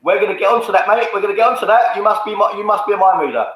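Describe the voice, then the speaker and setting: A man's voice: high voice, very fast, fairly bright tone. A man hosting a casual fan stream, jokey and full of slang as he reads out viewer comments. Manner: jokey, drops slang, lots of "um". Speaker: host reading viewer comments. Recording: very echoey room.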